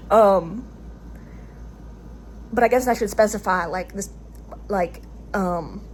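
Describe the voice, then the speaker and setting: A woman with a Southern US accent rambles to her own camera in a loose, hesitant monologue that keeps stalling and starting over. Her pitch sits in the middle of the range. A faint noise hums behind her. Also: darkish tone. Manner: hesitant, halting, full of fillers and restarts. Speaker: vlogger speaking to camera. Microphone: camera recording herself.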